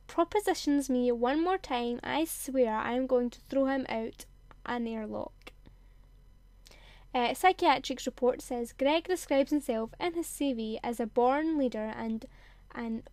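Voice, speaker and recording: Giggly high-voiced woman. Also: normal speed, darkish tone, dry recording. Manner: giggly, stumbles over words while reading. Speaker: gaming channel host. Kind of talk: let's play commentary, reading character bios aloud.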